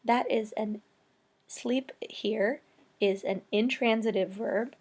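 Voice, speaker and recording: A woman's voice: a little high, takes it slowly, a little mellow, husky. A woman teaching English vocabulary and grammar in a screen-recorded tutorial, explaining patiently step by step.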